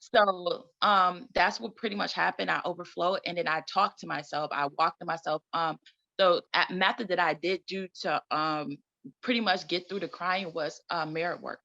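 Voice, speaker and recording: A woman's voice: on the low side, steady tone, normal speed, vocal fry, sharp tone, lo-fi sound. A woman guest in a conversational interview, talking emphatically, repeating herself and laughing often. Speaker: guest, trauma recovery coach and community founder.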